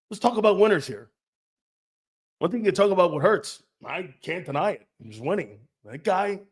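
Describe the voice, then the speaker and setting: A man hosting a sports talk show, ranting in a blunt, profane, mocking way and laughing often. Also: on the high side. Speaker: host.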